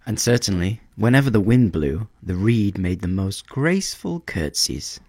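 A man reading a storybook aloud in a measured, expressive way. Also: on the low side, no echo, clean studio sound.

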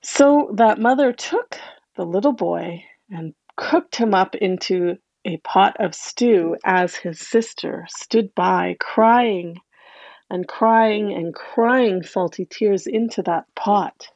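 A woman telling a fairy tale dramatically, with asides to her listeners, slowing down for effect. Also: mid-range voice, darkish tone, no room sound. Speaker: storyteller.

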